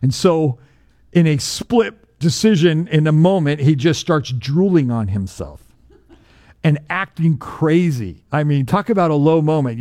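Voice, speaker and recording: A man preaching a sermon, retelling scripture with animated storytelling and rhetorical questions. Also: a little high, no echo, clean studio sound.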